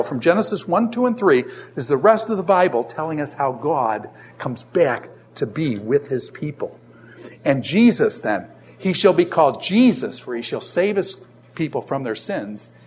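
A middle-aged man lecturing a class on Scripture, often throwing rhetorical questions at his students. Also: on the high side. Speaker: Bible teacher.

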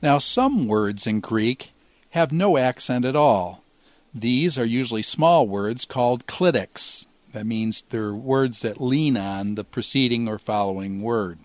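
A man teaching a Greek grammar lesson in a measured, explanatory way, slowing down to pronounce each Greek word. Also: medium pitch, lively intonation, no room sound.

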